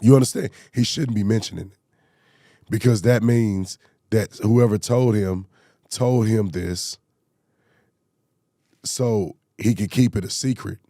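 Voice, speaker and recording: A man on a commentary show vents in an exasperated, repetitive rant and keeps piling up rhetorical questions. His voice sits on the low side with a warm, mellow tone. The sound is close and dry. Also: unhurried, long pauses, dry recording. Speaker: political commentary host.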